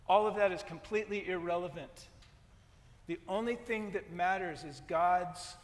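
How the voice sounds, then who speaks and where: A man preaching a sermon in a high, ringing voice that carries a long hall reverb. He is emphatic, driving points home by repeating them and acting out scripture scenes. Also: normal speed. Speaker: pastor.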